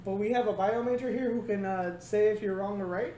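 A man's voice: high voice, brisk, dark tone. A man hosting a casual podcast chat, joking and laughing often as he rambles. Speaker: podcast host. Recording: echoey room, faint noise.

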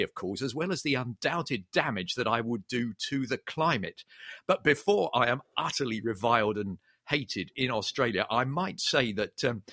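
This is a man co-hosting a podcast in a casual, joking manner, scattering ums and uhs as he goes. His voice is bright and ringing, and his pitch swings up and down a lot. The sound is dry and close. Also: dry recording. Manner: chatty and wry, with frequent fillers. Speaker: podcast co-host. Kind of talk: casual chat.

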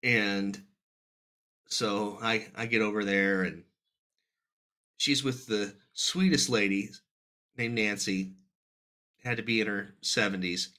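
A man's voice: lowish voice, slow pace, pauses often. A man casually telling a family story on a podcast, acting out the voices. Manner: animated, acts out every voice.

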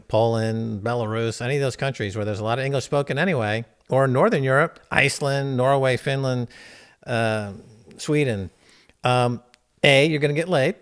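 A brash middle-aged man with a New York accent, chatting as a podcast host. He tells stories with an animated, swearing, excitable edge. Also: medium pitch, clean tone. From United States. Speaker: show host. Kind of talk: casual podcast chat.

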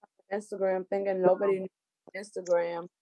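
Mellow, candid woman laughing along. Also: medium pitch, flat delivery, a little fast, dry recording. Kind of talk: casual chat.

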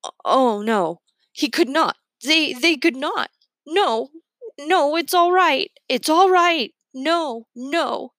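A woman's voice: sits high, animated, takes it slowly, fairly bright tone, no echo, pitched above the performer's own voice, full character voice. Casting: a woman doing an upset twelve-year-old boy, strained and pleading, in a dry booth read.

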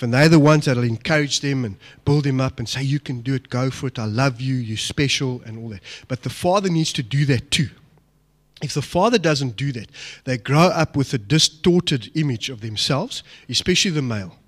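A middle-aged man, giving an emphatic, personal talk to an audience and asking them questions. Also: medium pitch. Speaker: speaker addressing an audience. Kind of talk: motivational talk on fatherhood.

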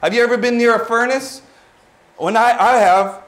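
A man, preaching a lively, exclaiming sermon to his church. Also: extremely high pitch, normal speed. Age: 40s. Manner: animated, exclaiming, drops in Tagalog words. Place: church hall. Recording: roomy church hall.

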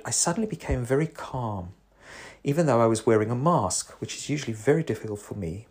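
A man's voice: medium pitch, expressive, fairly quick, darkish tone, breathy edge. A man, a psychotherapist talking in a rambling, wry voice-note monologue. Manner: rambling, self-interrupting, wry.

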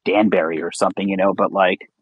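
A man's voice: sits low, little pitch movement, fast, breathy edge, dull audio. A man in his thirties from Westchester, New York, co-hosting a podcast and reminiscing in a laid-back way. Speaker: podcast co-host. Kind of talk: casual chat.

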